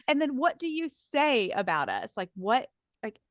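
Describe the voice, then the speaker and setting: A woman with a slightly high voice talks as a podcast guest in an earnest, conversational way. She laughs often and fills her sentences with "like." The sound is dry and close. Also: sing-song, unhurried, no echo. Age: adult, taught and teaches women. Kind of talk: casual faith conversation.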